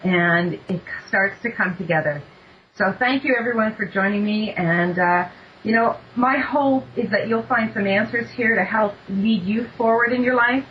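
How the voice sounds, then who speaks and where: A Canadian woman hosting an online talk show as a life coach, excited, a bit nervous and effusive. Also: mid-range voice, moderate pace, slight background noise. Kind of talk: casual online radio talk. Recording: dull lo-fi internet radio.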